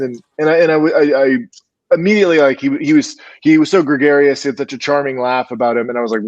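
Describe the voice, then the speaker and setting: A man's voice: medium pitch, quick pace, no room sound. Chatty male storyteller, dull lo-fi sound. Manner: animated, chatty storyteller with many restarts. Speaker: filmmaker guest. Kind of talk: storytelling in an interview.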